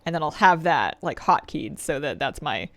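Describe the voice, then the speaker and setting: A woman's voice: low-pitched, big pitch swings, moderate pace, dry recording. A woman streamer chatting casually while playing, thinking aloud and laughing often. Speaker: game streamer. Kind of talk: casual gameplay commentary.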